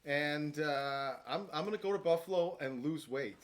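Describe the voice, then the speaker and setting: A man's voice: fairly high pitch, moderate pace. A man co-hosting a podcast in casual chat, tasting treats, trailing off into fillers and restarts. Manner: hesitant, many filler restarts. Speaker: podcast co-host.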